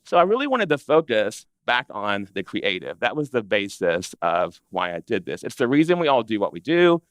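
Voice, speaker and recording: A man presenting to an audience of interior designers in a chatty, animated way, acting out what clients say. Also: lowish voice, normal speed, hardly any pauses, no room sound. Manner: animated, conversational, acts out clients' complaints. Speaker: interior design business educator. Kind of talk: live presentation to a seated audience.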